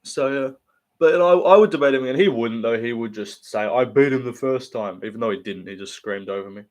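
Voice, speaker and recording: A man's voice: medium pitch, fairly quick, darkish tone. A man hosting a live fight watch-along stream, ranting bluntly with lots of swearing and mocking the fighters while answering chat. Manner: blunt, profane, mocking rant.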